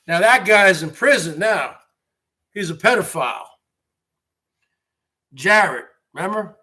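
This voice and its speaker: Man in his forties hosting a stream rant, sarcastic, high bright voice, unhurried. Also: animated, slightly rough. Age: 40s. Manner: sarcastic, emphatic, repeats himself. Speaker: show host. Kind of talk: casual livestream rant.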